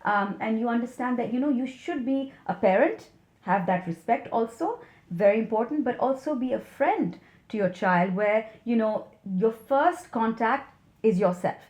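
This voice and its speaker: A woman co-hosting a relaxed chat, speaking in a slightly higher voice and giving earnest advice. Her voice carries a noticeable echo from the room. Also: moderate pace. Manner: earnest, advising, many short affirmations. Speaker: podcast co-host. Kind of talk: casual chat.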